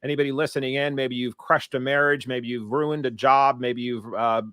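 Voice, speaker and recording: A man's voice: mid-range voice, steady tone, normal speed, fairly bright tone, clean tone, dry recording. A man hosting a business show, asking long, winding interview questions. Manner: rambling, wordy questions with many restarts. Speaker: podcast host.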